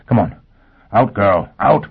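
Man doing a gruff deep escapee, blunt and pushy, lo-fi tinny sound. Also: lively intonation, slow pace, heavily acted. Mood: urgent. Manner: gasping, blunt, urgent. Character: desperate, brutal male escapee. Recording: tinny lo-fi phone-like audio.

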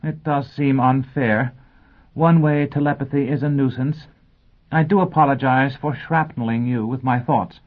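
A man's voice: fairly even intonation, normal speed, natural voice. A man voicing a prim, scatterbrained female teacher in an audiobook, genteel and flustered. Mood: fussy, genteel. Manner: genteel, flustered, high lilting delivery. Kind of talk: audiobook character voice. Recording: tinny phone-like sound.

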